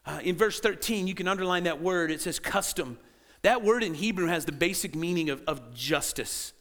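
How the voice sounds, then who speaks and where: A man preaching a sermon as pastor in a church, animated and acting out quoted voices. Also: sits high, normal speed. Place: church sanctuary.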